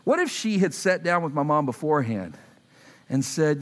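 A pastor in his thirties, with a voice on the high side and a moderate pace, preaches a sermon to his congregation. He is animated, tells stories, acts out quotes and puts questions to the audience.

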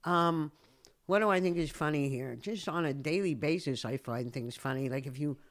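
A woman's voice: deep voice, normal speed. An older woman from Canada chatting in an interview, telling wry anecdotes and acting out other people's voices with a laugh. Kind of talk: casual interview chat.

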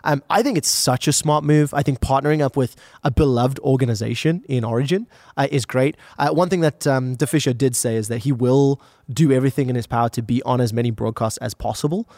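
A man co-hosting an esports talk show, excitable and rambling, talking in casual desk chat. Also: mid-range voice, a little fast, hardly any pauses, no room sound, studio quality.

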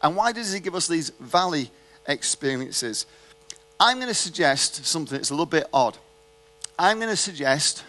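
Man, preacher, sermon, conversational storytelling, rhetorical questions, slightly high voice. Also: fairly bright tone.

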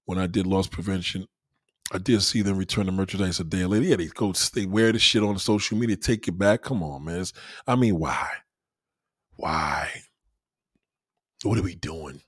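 A man's voice: sits low, breathy edge, no echo, clean studio sound. A man delivering a profane, emphatic ranting monologue full of rhetorical questions, talking to a livestream audience.

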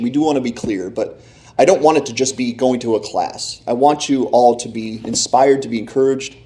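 A man's voice: medium pitch, warm tone. A man preaching a sermon, playfully asking his congregation questions and joking with them. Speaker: pastor. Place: church in front of a congregation.

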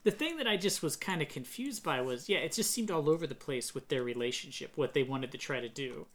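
A speaker in casual chat, reviewing a movie with a co-host in a quick, questioning way. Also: mid-range voice, lively intonation, fairly bright tone.

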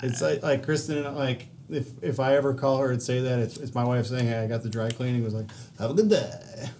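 A man's voice: mid-range voice, level tone, quick pace, dark tone, slight background noise. A man in a casual comedic chat, talking loosely and profanely and slipping into mocking voices. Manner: loose, profane, many "like" fillers and mock voices.

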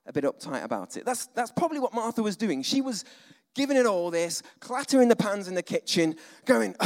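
Male preacher, conversational sermon, animated asides, higher voice, long hall reverb. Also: brisk.

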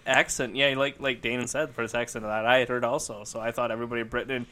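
A man chatting casually as a podcast co-host, animated and joking. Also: medium pitch, fast talker. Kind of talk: casual chat.

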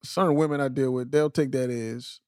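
A man in his thirties co-hosting a casual podcast chat, laid-back and profane, talking in quick bursts with restarts. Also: medium pitch, fairly even intonation, a little mellow, clean tone, no room sound, clean studio sound. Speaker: podcast co-host.

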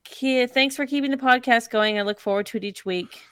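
A woman's voice: on the high side, fairly quick, a bit bright, smooth, dry recording, studio quality. A woman co-hosting a podcast who reads listener emails in casual chat and adds wry asides.

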